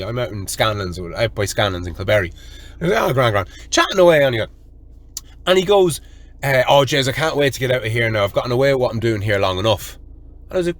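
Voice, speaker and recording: An Irish man hosting a solo podcast, telling a story in an animated, profane way and calling his listeners lads. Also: medium pitch, quick pace, dry recording. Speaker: podcast host.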